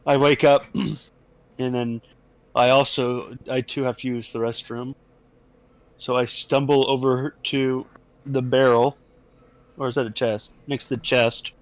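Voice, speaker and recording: Slow, hesitant male player. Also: mid-range voice, little pitch movement, dry recording, poor audio. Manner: hesitant, throat-clearing. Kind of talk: tabletop game play.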